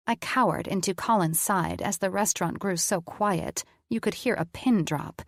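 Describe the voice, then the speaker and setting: A woman's voice: medium pitch, moderate pace, hardly any pauses, no room sound, studio quality. A woman narrating a first-person audiobook in a candid, conversational way.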